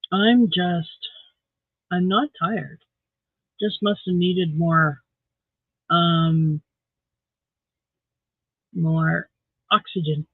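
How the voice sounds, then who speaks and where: A woman's voice: lowish voice, steady tone, very slow, pauses often, husky, dry recording. A tired woman hosting a casual livestream, chatting with viewers in a rambling, self-deprecating way. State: tired, yawning. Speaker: livestream host. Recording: tinny phone-like dry audio.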